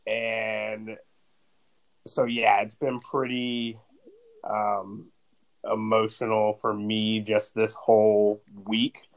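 A man's voice: lowish voice, completely flat delivery, extremely slow, rough recording. A man in his thirties talking casually on a podcast, telling a personal story in a rambling way with lots of "like". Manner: rambling storytelling, heavy use of "like". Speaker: podcast co-host.

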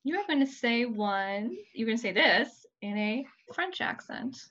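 A woman's voice: fairly high pitch, expressive, unhurried, fairly bright tone, muffled recording. A woman running a tabletop game as dungeon master in casual chat over a voice call, upbeat and laughing often.

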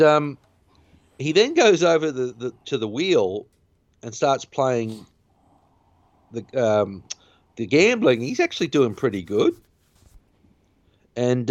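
Here a man hosts a podcast and loosely recaps a film, rambling with plenty of fillers and restarts. His pitch is medium and the recording is dry, dull and lo-fi.

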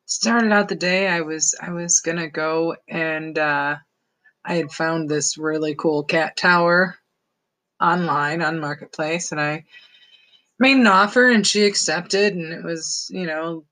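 Woman rambling thru a story, low-ish voice, chuckles a lot, super casual. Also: a little slow, bright, forceful tone, rough recording. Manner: rambling, chuckling often between phrases.

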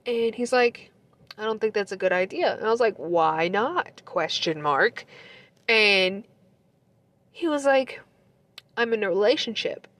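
A woman's voice: mid-range voice, lively intonation, a little slow, long pauses, fairly bright tone, dry recording. A young woman telling a breakup story in a casual, profane way, holding back tears and laughing through them. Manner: emotional, swears a lot, laughs through tears. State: close to tears.

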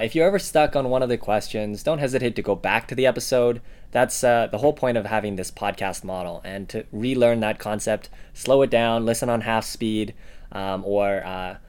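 A man co-hosting a podcast lesson, friendly and encouraging, with a few fillers. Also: lowish voice. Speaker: podcast co-host teaching Mandarin.

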